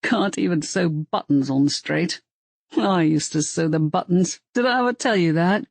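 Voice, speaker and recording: A woman's voice: lowish voice, moderate pace, vocal fry, dry recording. A woman voicing a cheerful male werewolf family man who rambles on about his kids. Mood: chatty.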